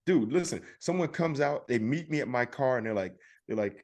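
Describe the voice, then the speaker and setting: A man's voice: mid-range voice, fast, hardly any pauses, darkish tone. A man co-hosting a podcast, telling a story in casual chat and acting out the other people's lines. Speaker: podcast co-host.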